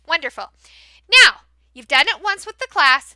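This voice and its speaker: A woman teacher demonstrating how to run a class for young learners, switching between explaining to other teachers and modeling big, excited praise for kids. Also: extremely high pitch, unhurried, no room sound. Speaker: teacher trainer. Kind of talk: training demo, modeling classroom talk.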